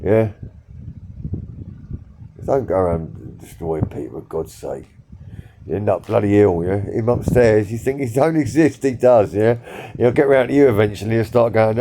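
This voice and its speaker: Low, mellow-voiced man. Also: moderate pace, gravelly, a little hiss or hum. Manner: rambling, with many fillers and repeated words; blunt and swearing. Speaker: social media vlogger. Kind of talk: casual talk to camera.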